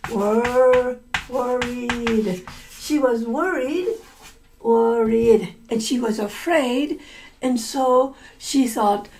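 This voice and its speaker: A woman teacher retells a folk tale to language learners, repeating key words and explaining them simply. She speaks slowly in a high voice, with faint background noise. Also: a little mellow, low-quality recording. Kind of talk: story-listening lesson, retelling a folk tale.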